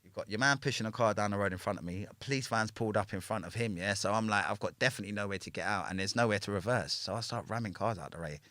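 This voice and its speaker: Deep-voiced London man telling a story. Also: rapid-fire, few pauses, pushed and bright, no room sound. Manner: swears freely, ends lines with a questioning "yeah?". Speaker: podcast guest. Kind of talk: casual storytelling chat.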